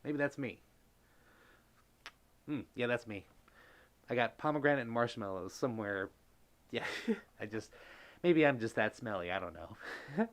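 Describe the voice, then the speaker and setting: A male streamer chatting casually with his live audience as he reads out their comments. His voice sits at an everyday pitch but swoops up and down a great deal, and he gushes and exclaims freely. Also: animated, unhurried, long pauses. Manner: gushing, effusive, exclaims often.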